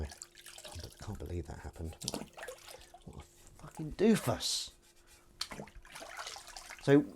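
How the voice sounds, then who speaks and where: A man's voice: lowish voice, a little mellow, a little hiss or hum. A man, a comedian chatting casually on a live stream while washing up, rambling and self-deprecating as he reads out viewers' comments.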